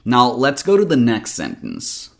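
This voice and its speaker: A male accent coach talks through a pronunciation lesson, unhurried and deliberate. He lays out rules one at a time and says example words aloud. His pitch sits at an ordinary middle level. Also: wildly swooping pitch, vocal fry. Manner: slow, careful explanation with spoken examples.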